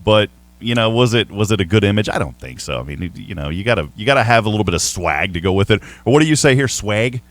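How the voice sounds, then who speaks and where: A man's voice: lowish voice, lively intonation, quick pace, few pauses, fairly bright tone, dry recording. A man with a Southern accent, hosting a sports radio show in a chatty, rambling way with playful ribbing. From Texas. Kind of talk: casual sports talk.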